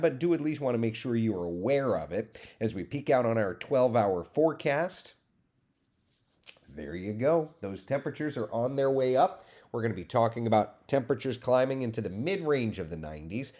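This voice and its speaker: A man's voice: fairly low pitch, darkish tone. A man who works as a TV meteorologist, giving a casual live weather update and chatting in a friendly way as he greets viewers by name. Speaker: TV meteorologist hosting a morning weather stream.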